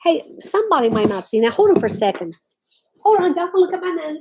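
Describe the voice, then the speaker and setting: A woman's voice: high-pitched, big pitch swings, quick pace, dark tone, slight background noise. Chatty woman on a livestream. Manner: chatty, reads viewer comments aloud. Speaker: livestream host. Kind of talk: casual livestream chat.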